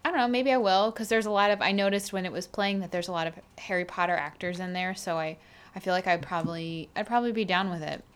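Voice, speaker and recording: A woman's voice: on the low side, fairly even intonation, quick pace, clean tone. A woman co-hosting a casual chat, teasing her partner with sarcastic interjections. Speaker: podcast co-host.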